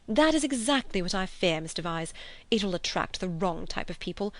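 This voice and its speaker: A woman reading aloud, voicing a fussy, excitable older gentleman who frets and gushes. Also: normal speed, close to an everyday voice. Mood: excited, fretful. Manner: fretful, gushing, high and animated.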